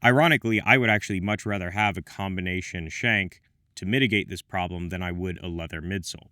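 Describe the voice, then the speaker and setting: A man with a fairly low voice talks through a product review from a script. He drops in wry, self-deprecating asides. The recording is dry and close, with no room sound. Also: fast, sharp tone, dry recording. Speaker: menswear reviewer.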